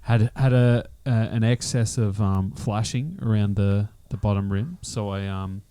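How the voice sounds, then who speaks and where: A man co-hosting a podcast, explaining things in a measured, practical way. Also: fairly low pitch, mellow, clean tone, dry recording. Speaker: podcast co-host. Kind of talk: casual podcast chat.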